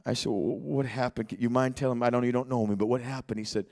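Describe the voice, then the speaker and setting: A man preaching a sermon in a church, telling a personal story and swinging between shouted exhortation and quiet, hushed retelling. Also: mid-range voice, steady tone, fast talker. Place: church sanctuary.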